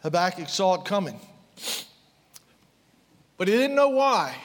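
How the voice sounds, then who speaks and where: A man preaching with fervent conviction, his high voice climbing into impassioned outbursts before sinking to hushed, low asides. The sound carries the long reverb of a large hall. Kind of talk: sermon.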